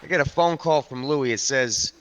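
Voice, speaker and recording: A hardened biker club enforcer from a role-play game, voiced by a man. His voice sits low, with a forceful, bright edge, and he swears his way through a rambling yarn, calling the listener by name. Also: moderate pace, a little hiss or hum. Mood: tense storytelling. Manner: profane, rambling storyteller; keeps addressing the listener by name. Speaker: roleplay character telling a story.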